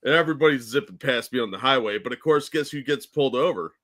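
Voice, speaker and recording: A man's voice: medium pitch, expressive, fast, fairly bright tone. A man co-hosting a podcast, telling a rambling, self-deprecating story in casual chat. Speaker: co-host.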